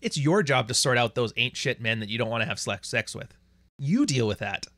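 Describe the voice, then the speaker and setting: A man's voice: mid-range voice, expressive, a little fast, fairly bright tone, no room sound, studio quality. A man hosting a livestream who rants bluntly and crudely and reads out viewer chats. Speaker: livestream host. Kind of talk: profane livestream rant.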